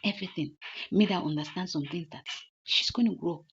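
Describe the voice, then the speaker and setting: A woman's voice: lowish voice, brisk, fairly bright tone, breathy edge. A woman retelling a drama story in a loose, chatty narration, often repeating her lines. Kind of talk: casual story recap. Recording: dull lo-fi recording.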